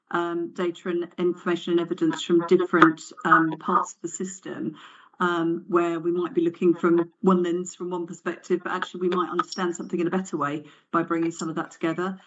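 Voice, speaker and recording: A woman reflects aloud at a committee meeting, her delivery flat and somewhat low-pitched, filled with pauses and "um"s. The audio is dull, with faint background hiss. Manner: even-toned, reflective, many fillers. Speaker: committee member. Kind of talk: meeting discussion.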